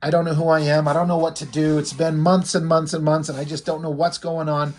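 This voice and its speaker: A man's voice: on the high side, level tone, a little fast, darkish tone, close to an everyday voice. A man voicing a frightened young woman with no memory, speaking in an anxious, pleading way.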